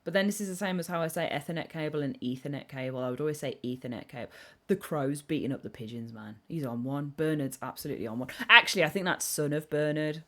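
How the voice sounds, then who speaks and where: Excitable low-voiced woman streamer. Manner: excitable, rambling, quick tangents. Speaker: game streamer. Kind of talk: casual live-stream chat reading chat aloud.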